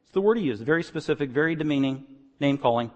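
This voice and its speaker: A man preaches an expository sermon in a somewhat high voice. He shifts between quiet, low stretches of explanation and loud, emphatic runs. His voice rings out with the long reverb of a large hall. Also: expressive, very fast, lo-fi sound. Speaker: pastor.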